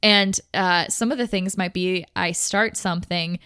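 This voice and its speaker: A young woman hosting a podcast, talking candidly and casually, often in quick bursts peppered with "like". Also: fairly low pitch, steady tone, bright, forceful tone, clear, resonant tone, no room sound, clean studio sound. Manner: chatty, candid, fast bursts with frequent "like". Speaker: podcast host. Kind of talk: casual personal talk on mental health.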